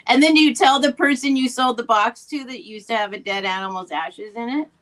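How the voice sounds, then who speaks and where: A woman's voice: a little high, a bit bright, low-quality recording. An older woman hosting a live stream, chatting casually and thinking aloud. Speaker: host.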